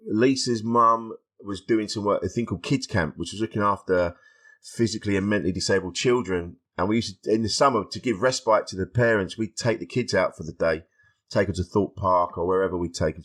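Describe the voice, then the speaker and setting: A middle-aged man, speaking in a fairly low register. He is a stand-up comedian guesting on a podcast, recounting his life candidly and acting out bits of dialogue. His tone is frank and self-deprecating. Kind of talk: candid conversational storytelling.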